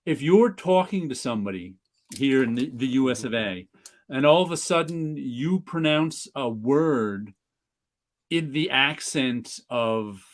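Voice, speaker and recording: A man hosting a casual podcast chat, joking and slipping into mock voices. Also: mid-range voice. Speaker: podcast host.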